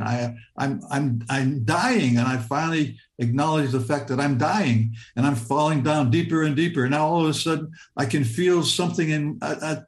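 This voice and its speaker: Older man halting through a story, roomy echo. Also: a little high. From Michigan, United States. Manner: halting, repeats words and restarts, vivid present-tense telling. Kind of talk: personal storytelling.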